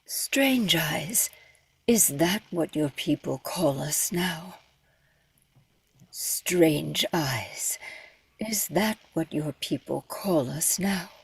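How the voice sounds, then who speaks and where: A woman voice actor playing a somber, wary tribeswoman, speaking in a hushed half-whisper. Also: low voice, very slow, breathy edge, dry recording, heavily acted. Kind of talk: voice acting in a recording session.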